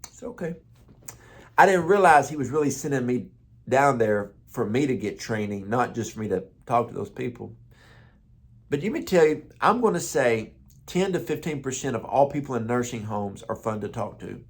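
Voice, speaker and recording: A man's voice: mid-range voice, sing-song, moderate pace, breathy edge. A man who is a pastor, giving a conversational motivational morning talk with stories and repeated words.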